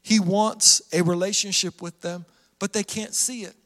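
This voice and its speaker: A man's voice: high-pitched, steady tone, moderate pace, a bit bright, in a large hall. A man preaching a sermon as pastor, with an earnest, repetitive cadence.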